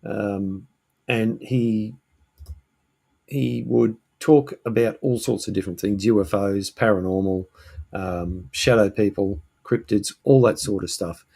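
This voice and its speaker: Gravelly, husky man chatting casually. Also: on the low side, fairly even intonation, takes it slowly, warm tone. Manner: hesitant, lots of ums and restarts. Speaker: host. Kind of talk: casual live-stream chat. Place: home shed.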